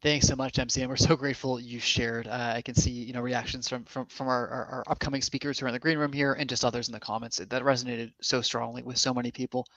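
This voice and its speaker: Fast-talking man hosting an online summit. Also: mid-range voice, little pitch movement, fairly bright tone, no room sound, rough recording. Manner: quick, chatty, self-correcting. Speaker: summit host.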